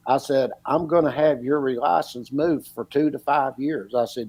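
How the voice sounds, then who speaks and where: A man's voice: medium pitch, fairly even intonation, normal speed, few pauses, darkish tone, no room sound, rough recording. A middle-aged man, telling a story in a casual, folksy way and acting out what each person said. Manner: folksy, retells dialogue with repeated "he goes" and "I said". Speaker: podcast guest, former electrical inspector.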